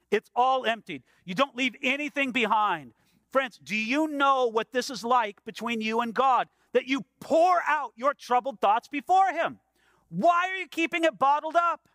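A man's voice: very high-pitched, fairly bright tone, no echo, clean studio sound. A man preaching a sermon in an earnest, conversational way, asking his listeners questions as he goes. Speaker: pastor.

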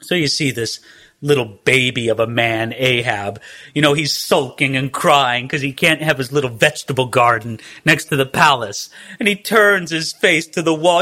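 Bright-voiced male Bible teacher. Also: medium pitch, moderate pace. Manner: conversational with wry asides.

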